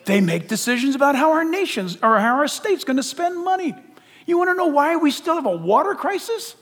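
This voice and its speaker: Pastor, man, high and very expressive delivery, preaching in a big echoing church. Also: normal speed. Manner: animated, joking, acts out quoted voices. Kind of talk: lively sermon. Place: church auditorium. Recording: long hall reverb.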